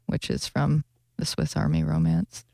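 A woman's voice: low-pitched, big pitch swings, a little slow, gravelly, mellow, dry recording, studio quality. A young woman co-hosting a radio show, chatting casually and animatedly, often laughing. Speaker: radio co-host. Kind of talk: casual chat.

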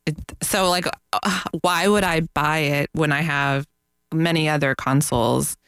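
A woman's voice: sits low, steady tone, unhurried, fairly bright tone, clear, resonant tone, dry recording, clean studio sound. A woman blogger who is a guest on a radio show, talking candidly and poking fun at herself. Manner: candid, self-deprecating, giggly. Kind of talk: casual radio interview chat. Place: radio studio. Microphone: studio microphone.

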